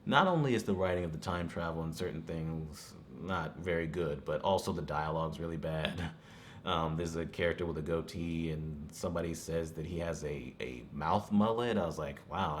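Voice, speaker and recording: A man talks through a movie review in a loose, rambling way, dropping "you know" and small chuckles as he goes. His voice is very low. A faint hiss runs underneath. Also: brisk. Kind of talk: casual spoken review.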